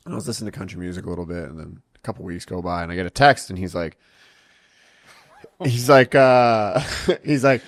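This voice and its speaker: A man hosting a podcast, telling a story in an animated, profane, casual way. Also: sits low, fairly quick, no echo. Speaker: podcast host.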